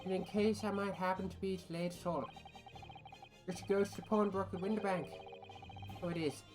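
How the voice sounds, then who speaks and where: A woman voicing a scheming older male villain while reading game dialogue aloud, threatening and deliberate. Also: mid-range voice, steady tone, natural voice. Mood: menacing.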